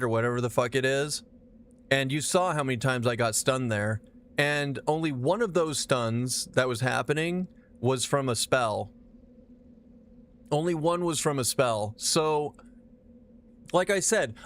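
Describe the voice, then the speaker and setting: A man streaming a game live, chatting casually with his chat, rambling and swearing as he plays. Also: medium pitch. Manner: profane, animated, rambling.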